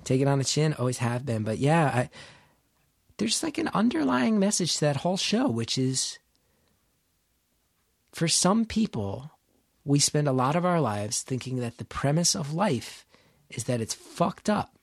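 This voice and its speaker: A middle-aged man from New Jersey, a comedian guest telling a candid story in conversation, animated, acting out quoted lines and swearing freely. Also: fairly high pitch, measured pace, gravelly, long pauses, dry recording, studio quality.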